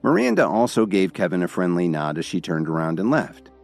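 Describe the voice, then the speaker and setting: A man with a low, deep voice narrating a dramatic story, his pitch swinging widely as the scenes build. Soft music plays beneath the scripted reading. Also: sing-song, brisk, gravelly. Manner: dramatic storytelling, all voices by one reader.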